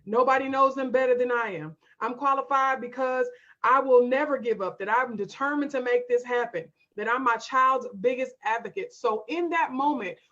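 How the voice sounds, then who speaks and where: A woman's voice: a little high, a bit bright, highs cut off. A woman coach hosting a live stream, emphatic and direct, calling her viewers y'all and reading out their comments.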